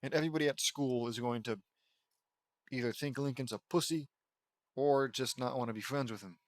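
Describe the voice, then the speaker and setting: A man's voice: medium pitch, a little fast, no room sound, clean studio sound. A man reading fan fiction aloud and breaking off into sarcastic, rambling asides that question the story. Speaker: reader and commentator.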